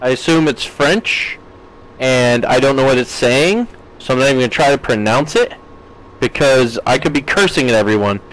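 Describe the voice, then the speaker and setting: Here a man streams a farming game as a gaming streamer, reading and responding to his audience's comments in a relaxed way and laughing frequently. His medium-pitched voice is animated and a bit bright, moving at a moderate pace. The recording quality is low.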